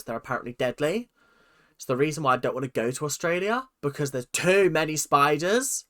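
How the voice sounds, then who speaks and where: A man's voice: medium pitch, pushed and bright. A man hosting a reaction video, chatting casually and exaggerating with mock voices.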